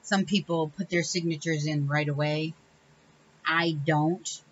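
A woman's voice: deep voice, fairly even intonation, unhurried, lo-fi sound, a little hiss or hum. A woman hosting a casual crafting video, chatting in a rambling, self-correcting way with small laughs. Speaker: crafting channel host. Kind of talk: casual crafting tutorial chat.

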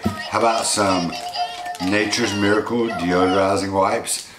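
A man's voice: fairly low pitch, fairly even intonation, measured pace, reverberant, over loud music. A man casually unboxing fan mail and talking sweetly to his pet monkey. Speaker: pet vlogger.

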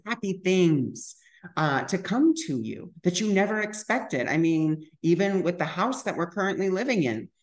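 A young man tells a personal story to camera on his spiritual vlog. He talks in a loose, chatty way, scattering fillers and acting out other people's lines as he goes. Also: fairly high pitch. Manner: chatty, full of "like" fillers, re-enacts dialogue. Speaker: spiritual vlogger.

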